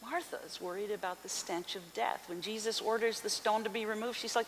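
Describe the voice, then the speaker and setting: A woman pastor delivers a sermon in an expressive, questioning way, her voice sitting in the middle range. The sound carries a long hall reverb with a faint hiss underneath. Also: medium pitch, a little fast. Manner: expressive reading with rhetorical questions to the congregation. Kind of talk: scripture reading and sermon. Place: church sanctuary.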